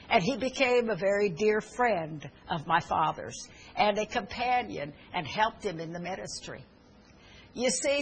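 A woman's voice: medium pitch, slight background noise, low-quality recording. A woman preaching a sermon, telling stories earnestly with fillers and restarts, and urging her listeners fervently.

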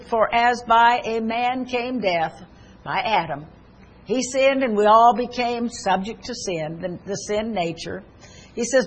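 A woman's voice: medium pitch, slightly rough. An older woman preaching a sermon in an earnest, personal way, mixing scripture with stories from her own family.

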